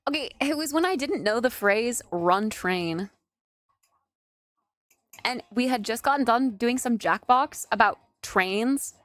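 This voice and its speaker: A woman's voice: a little high, animated, slow pace, fairly bright tone, no echo. Giggly young woman streamer chatting. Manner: giggly, chatty, filler-heavy with "like". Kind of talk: casual live-stream chat.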